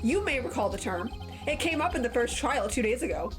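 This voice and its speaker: A self-assured young male defense lawyer laying out his case, read aloud by a woman in her own fairly high voice. The delivery is steady and dramatic, with game music clearly behind. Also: brisk. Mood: explaining.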